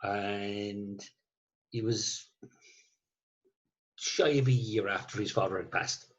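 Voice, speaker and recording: A man's voice: on the low side, slow. A man hosting a casual conversation, telling rambling stories with frequent restarts and laughter. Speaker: host.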